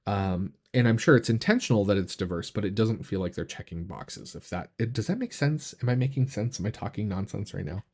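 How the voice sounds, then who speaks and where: A man hosting a casual live stream, chatting in a relaxed, rambling way with many fillers and restarts, enthusiastic about what he shows. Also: on the low side, a little fast, vocal fry, hardly any pauses. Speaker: tarot reader and channel host.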